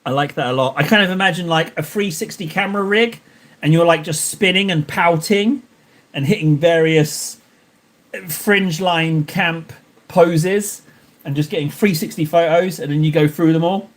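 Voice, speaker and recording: A man's voice: on the high side, normal speed. A man from Cornwall chatting casually on a live stream while painting miniatures, rambling, joking and talking to viewers. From Cornwall, England. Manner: jokey, rambling, talks to chat.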